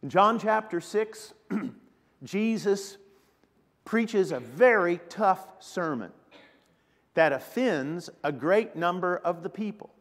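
A man preaching a sermon, emphatic and deliberate, retelling scenes with drama. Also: high-pitched, expressive. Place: church sanctuary. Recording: long reverb of a church hall.

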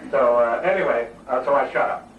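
A man's voice: mid-range voice, brisk, phone-quality sound, crowd noise. Older man chuckling in an echoey hall. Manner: chuckling, rambling with many fillers. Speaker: actor telling stories to fans. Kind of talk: anecdotal stage talk. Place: large hall before an audience. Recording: echoey hall, distant mic, audience noise.

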